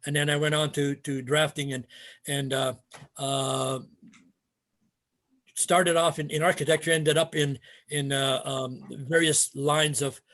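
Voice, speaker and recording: Older guy rambling through old stories, lots of ums and uhs, voice a bit on the high side. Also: flat delivery, a little slow, fairly bright tone. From Canada. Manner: rambling, many fillers and restarts, chuckles. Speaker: guest martial arts instructor. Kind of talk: casual storytelling interview.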